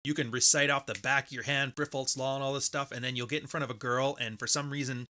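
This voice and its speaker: A man hosts a casual livestream, his voice bright and forceful on a close microphone. He rambles loosely as he works through viewer messages, with an everyday middle pitch. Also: steady tone, fast. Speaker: podcast host.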